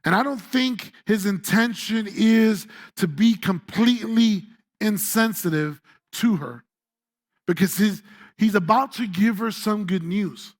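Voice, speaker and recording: A man's voice: high-pitched, measured pace. A man preaching a sermon in a church, conversational and humorous, acting out the voices of scripture characters. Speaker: pastor.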